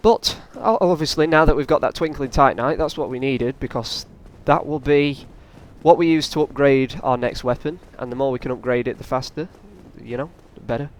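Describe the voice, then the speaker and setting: A man's voice: mid-range voice, brisk, few pauses. A man doing casual, rambling let's play commentary, often taunting the enemies on screen. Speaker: gaming channel host.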